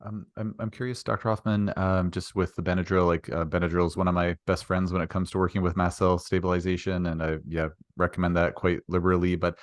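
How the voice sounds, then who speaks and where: A man's voice: deep voice, level tone, fast talker, hardly any pauses, dry recording, studio quality. A man hosting an interview, asking hesitant questions with many fillers and apologies. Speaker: interview host.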